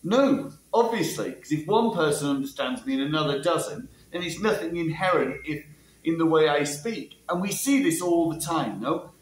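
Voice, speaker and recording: A man's voice: fairly high pitch, expressive, moderate pace. A man explaining ideas about language learning in a casual monologue, asking rhetorical questions and tagging his sentences with "yeah?". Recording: echoey room.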